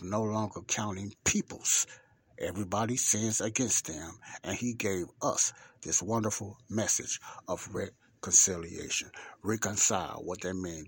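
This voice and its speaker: Husky low-voiced man teaching scripture. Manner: emphatic, repeats key words, asks rhetorical questions; reads scripture slowly and deliberately. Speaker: Bible teacher. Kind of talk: podcast Bible teaching.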